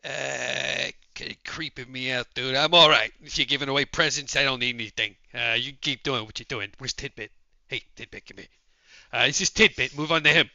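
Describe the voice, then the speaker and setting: A man's voice: medium pitch, brisk, creaky, bright, forceful tone, dry recording. A man playing a tabletop game, talking in an offhand, jokey way. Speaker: player. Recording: dull dry lo-fi mic.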